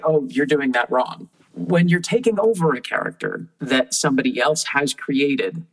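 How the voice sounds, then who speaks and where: A woman with an extremely low-pitched voice appears as a guest puppeteer on a podcast, thoughtfully telling stories about her work and frequently restarting her sentences. It's a casual interview chat, and the audio quality is poor.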